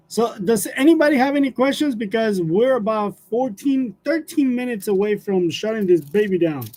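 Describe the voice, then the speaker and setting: A high-voiced man chats loosely with his livestream viewers. He laughs often, trails off with fillers and drifts from story to story. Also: expressive, measured pace, pauses often, a little mellow. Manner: laughs often while telling stories, chatty with fillers. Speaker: livestream host. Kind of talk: casual livestream chat with viewers.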